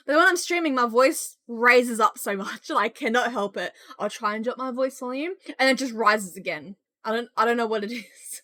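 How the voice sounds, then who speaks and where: A young woman live-streaming a game, chatting loudly and excitedly with her viewers. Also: fairly high pitch, fairly quick, hardly any pauses, no echo. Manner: excitable, loud, bursts into squeals greeting chat. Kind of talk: casual live-stream chat while gaming.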